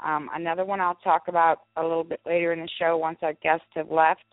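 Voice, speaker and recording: A woman co-hosting an internet radio talk show, from the St. Louis area, reading announcements briskly and chatting casually. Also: sits low, flat delivery, no room sound. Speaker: show co-host. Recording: tinny phone-line audio.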